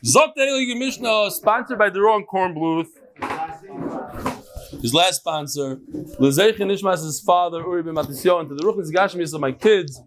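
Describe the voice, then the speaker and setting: A man with a fairly high voice leads a daily Talmud lesson. He explains lightly and jokes often, dropping Hebrew and Aramaic terms into his English. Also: normal speed, a crowd in the background. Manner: lively, joking, mixes in Hebrew and Aramaic terms. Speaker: Talmud teacher.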